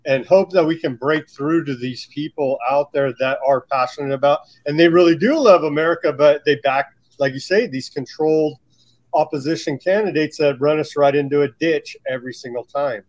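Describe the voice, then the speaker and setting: A man's voice: on the high side, fairly quick, a little mellow, no room sound, rough recording. A man hosting a political interview show, who asks questions in an earnest way. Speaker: show host.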